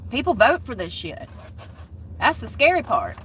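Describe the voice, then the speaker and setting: A woman's voice: fairly high pitch, very animated, normal speed, a little hiss or hum, rough recording. A woman giving casual commentary on the news in a blunt, profane, mocking way. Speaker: commentary vlogger.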